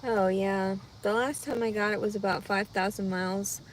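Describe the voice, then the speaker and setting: A heavily pregnant woman chatting casually with viewers on a livestream, rambling and anxious, her voice jumping into loud high cries when she gets upset. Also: steady tone, moderate pace, a little hiss or hum. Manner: rambling, talks through her worries out loud. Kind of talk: casual live chat.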